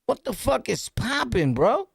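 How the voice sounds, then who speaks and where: A man with a New York City accent talks loud and rough, swearing and laughing as he reacts to news clips on his podcast. His voice sits high and gravelly, recorded dry and close. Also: big pitch swings, a little slow, dry recording. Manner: loud, profane, laughing street talk. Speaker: podcast host.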